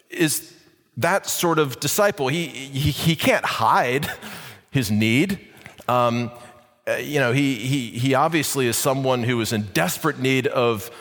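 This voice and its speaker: Male pastor, mid-pitched, chatty sermon full of "uh"s, echoing sanctuary. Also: a bit bright. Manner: conversational preaching with many fillers and restarts.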